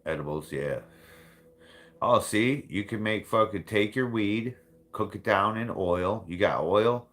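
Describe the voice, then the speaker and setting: A man with a very low voice holds a loose, casual conversation. He talks bluntly, swears freely and laughs often as he goes. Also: unhurried, fairly bright tone. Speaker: livestream host. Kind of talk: casual chat.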